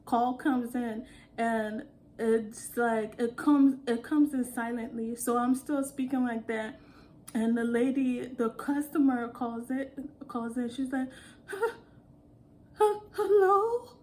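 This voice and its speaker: A woman telling casual storytime anecdotes in an animated way, often laughing and acting out what people said. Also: fairly high pitch, takes it slowly. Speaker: vlogger.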